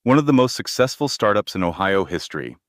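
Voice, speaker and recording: A composed male estate attorney lays out the facts in a measured, formal and gentle manner, as a narrator voices him. The voice sits low and sounds close and dry. This is audiobook-style drama reading. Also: big pitch swings, no room sound.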